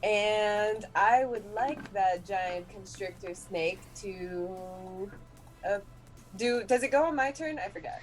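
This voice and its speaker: A woman playing a tabletop game, talking casually, often laughing and thinking out loud. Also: medium pitch, takes it slowly, faint music behind. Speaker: player.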